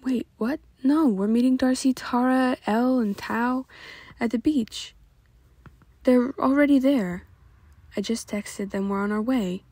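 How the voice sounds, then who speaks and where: A woman's voice: mid-range voice, little pitch movement, moderate pace, few pauses, a little mellow, no room sound, lightly acted. A woman voicing an anxious teenage boy who pleads urgently with his friends.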